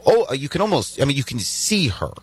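A man's voice: medium pitch, fairly quick, husky, no room sound. A young man from Virginia, a stand-up comedian, telling stories in casual chat with lots of restarts. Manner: animated storytelling with many restarts.

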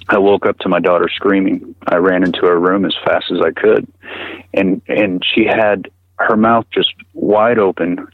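A middle-aged man recounting a personal experience as an interview guest, halting and earnest, often repeating words as he talks. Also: low-pitched, no room sound, phone-quality sound. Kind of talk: personal account in conversation.

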